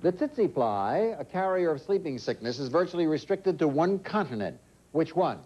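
A man hosting a quiz show in a TV studio, joking with contestants and reading questions briskly. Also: on the high side, big pitch swings, darkish tone, husky. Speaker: game show host. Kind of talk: quizmaster patter. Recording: dull, noisy old TV audio.

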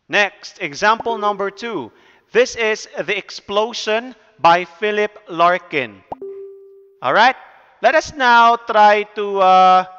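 A Filipino man teaches a recorded lesson in a high, bright voice. He explains slowly and keeps checking that his students follow. The sound rings with a long room reverb. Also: smooth, dull audio. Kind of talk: recorded video lecture.

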